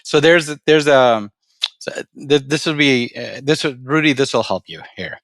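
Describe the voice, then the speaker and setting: A man telling a story and answering questions as a podcast guest, relaxed and often repeating his words. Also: medium pitch, normal speed, no room sound. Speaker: podcast guest, storage company president. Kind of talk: casual interview talk and storytelling.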